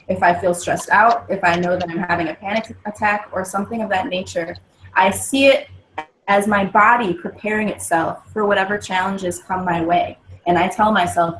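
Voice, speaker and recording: A woman's voice: mid-range voice, steady tone, moderate pace, a little hiss or hum, poor audio. A woman, a guest on a wellbeing talk show, explaining positive self-talk and mantras in an earnest, casual way. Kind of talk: casual chat.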